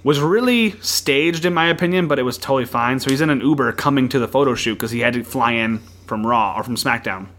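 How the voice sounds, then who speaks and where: A man co-hosting a podcast, chatting casually and retelling a show with animated storytelling. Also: mid-range voice, fast talker, few pauses, a little hiss or hum. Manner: animated storytelling with playful impressions. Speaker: podcast co-host.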